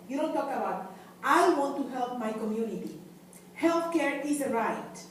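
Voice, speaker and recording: A woman's voice: a little high, mellow. Passionate woman in her fifties, echoey hall. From Venezuela. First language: Spanish. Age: 50s. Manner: passionate, emphatic, repeats key phrases. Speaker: guest lecturer, community health director. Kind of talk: motivational lecture to students. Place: university lecture hall. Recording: very echoey hall, distant mic, faint hiss.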